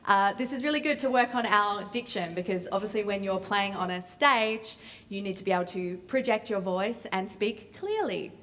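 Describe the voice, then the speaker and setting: An Australian woman leading a drama workshop, guiding a voice warm-up in an upbeat, encouraging way while demonstrating the exercises. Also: mid-range voice, moderate pace.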